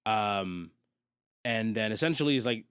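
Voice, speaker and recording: A man co-hosting a podcast, chatting casually through a movie recap, animated and laughing often. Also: measured pace, clean tone, dry recording, studio quality. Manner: animated, laughs often, jumps higher when excited. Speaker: podcast co-host.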